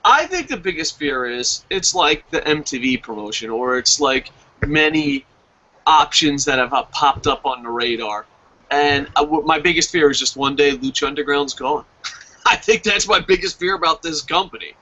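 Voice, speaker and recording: A man reviewing wrestling in a casual chat, ranting excitably and swearing as a fanboy. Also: a little high, normal speed, rough recording. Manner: excitable, profane, rambling fanboy rant.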